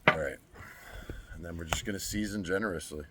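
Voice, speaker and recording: A man's voice: low-pitched, a little fast, background noise. A laid-back man hosting his own barbecue cooking vlog, chatting casually and thinking aloud as he works. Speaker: barbecue cook and show host.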